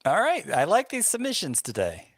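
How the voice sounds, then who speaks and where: A man's voice: sits high, wildly swooping pitch, normal speed, no room sound, clean studio sound. A man co-hosting a sports podcast in casual chat, making wry, understated remarks. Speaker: fantasy baseball podcast co-host.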